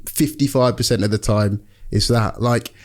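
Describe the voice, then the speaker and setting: A young man in casual conversation, chatty and animated as he tells stories from his work. His voice sits at an ordinary middle pitch, and he slips into quick impressions of other people mid-sentence. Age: young adult. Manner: chatty storyteller, acts out patients' lines. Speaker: football club doctor, podcast guest. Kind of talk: casual chat.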